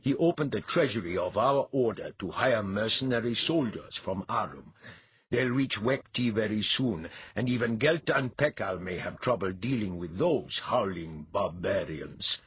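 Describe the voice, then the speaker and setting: A man voicing a shrewd, grave male priest envoy, measured and wry. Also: on the low side, expressive, narrow, tinny audio, a little hiss or hum, lightly acted. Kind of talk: audiobook character voice.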